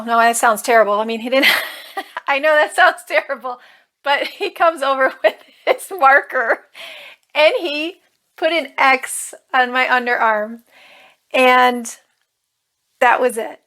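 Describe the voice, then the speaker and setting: Earnest woman telling her story, higher voice. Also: fairly bright tone. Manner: earnest, emotional retelling with nervous humor. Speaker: life coach. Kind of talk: personal storytelling vlog.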